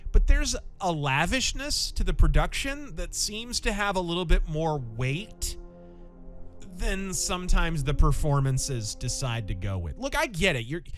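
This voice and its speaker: A man's voice: fairly high pitch, a bit bright. A male podcast host giving an enthusiastic, opinionated film review with rambling asides.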